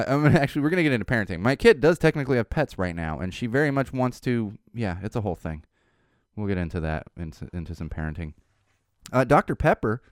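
Sarcastic ranting man, lively pitch. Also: no echo, clean studio sound. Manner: sarcastic, ranting, frequent restarts and laughs. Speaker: podcast host. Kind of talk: casual opinion monologue.

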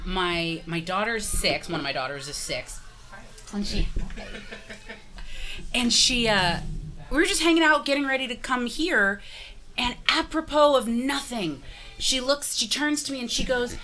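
Sarcastic mom with a bright lively voice. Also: female voice, a little high, unhurried, long pauses, faint music behind. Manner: sarcastic storyteller, laughs a lot. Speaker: podcast guest, mother. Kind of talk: casual podcast chat.

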